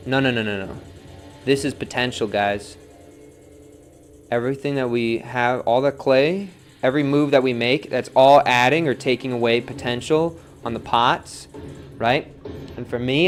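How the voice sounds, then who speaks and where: A young man chatting casually while demonstrating on the pottery wheel, reading viewer comments and counting softly as he works. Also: medium pitch. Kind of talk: live-streamed pottery demo, casual teaching. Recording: faint music in background.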